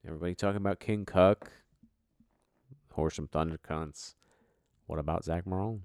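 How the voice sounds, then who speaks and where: A man hosting a casual fantasy football podcast, joking and swearing, often trailing off quietly. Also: deep voice, moderate pace, pauses often, no room sound, studio quality. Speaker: podcast host. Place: home basement.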